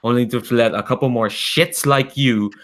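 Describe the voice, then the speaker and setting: A man's voice: mid-range voice, steady tone, moderate pace, fairly bright tone, close to an everyday voice. A man voicing the hostile male head of a mutant task force in a tabletop game, delivering contemptuous threats.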